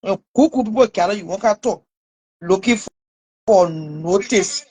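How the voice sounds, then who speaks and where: A woman's voice: mid-range voice, measured pace, warm tone, slightly rough. A woman with a Liberian English accent, ranting and scolding someone online with mocking laughs. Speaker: online commentator. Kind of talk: taunting live rant.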